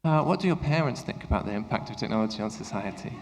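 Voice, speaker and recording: A man giving a conference workshop to English teachers, talking to the room in an engaging way and often checking in with a quick "okay?". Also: fairly low pitch, animated. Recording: echoey hall reverb.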